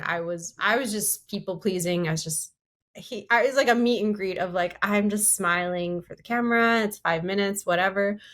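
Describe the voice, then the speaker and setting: A woman co-hosting a casual podcast, telling a personal story in a candid, animated way. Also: mid-range voice. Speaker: podcast co-host.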